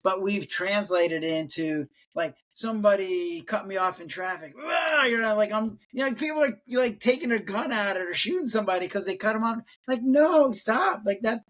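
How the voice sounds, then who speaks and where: A man's voice: sits high, fairly quick, hardly any pauses. An older man, a retired physician, talking casually as a podcast guest and acting out quoted lines with a raised voice. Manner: animated storyteller, acts out quotes in raised voice. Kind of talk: casual interview talk.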